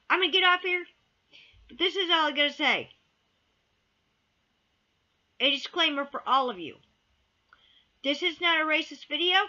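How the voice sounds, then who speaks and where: A woman rants to camera with a high, lively voice. Her tone is bright and sharp, and she hammers points home by repeating them. The audio is dull and lo-fi. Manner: emphatic, repeats key words, swears then apologizes. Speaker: vlogger. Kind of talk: heated opinion rant to camera.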